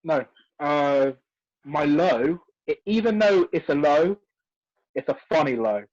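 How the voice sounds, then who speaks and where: Man, wrestler guest, fairly high voice, storytelling, dry lo-fi sound. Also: animated, slow pace, darkish tone, dry recording. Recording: dry, dull lo-fi audio.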